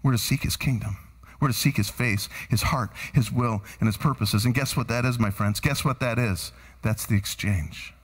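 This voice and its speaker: A man preaching a sermon as pastor, quizzing the congregation with lively shouts and then dropping to hushed, earnest tones. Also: mid-range voice, moderate pace, husky, long reverb tail. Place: church sanctuary.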